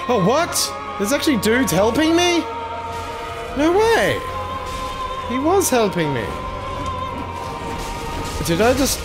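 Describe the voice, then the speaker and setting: A man giving live gameplay commentary as a gaming channel host, excitable and swearing often at the game. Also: very high-pitched, measured pace, long pauses. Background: game music.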